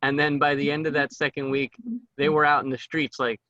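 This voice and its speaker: A man in a casual podcast chat, explaining something in a measured way. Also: on the high side, flat delivery, pushed and bright, no echo, dull audio.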